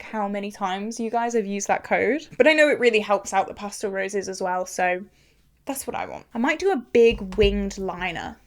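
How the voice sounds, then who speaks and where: A young woman in her twenties talking casually to camera while doing her makeup, frank and chatty with lots of "like" fillers. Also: medium pitch. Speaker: beauty vlogger.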